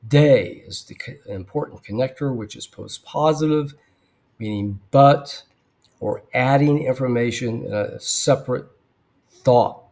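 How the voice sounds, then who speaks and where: Man, Bible Greek lesson, unhurried delivery, mid-pitched voice, thoughtful with fillers and throat clearing, dry asides. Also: darkish tone.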